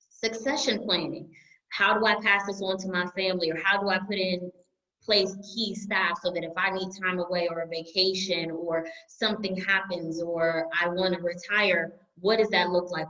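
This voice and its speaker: Woman, accountant, webinar talk, low voice, dull lo-fi sound. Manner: lively, acts out clients' voices in quotes. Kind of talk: webinar presentation.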